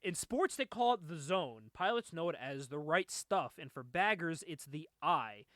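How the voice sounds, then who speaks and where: A man voicing a calm, matter-of-fact older hitman mentor, close to his own casual voice. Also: a little high, moderate pace, dry recording. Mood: explaining.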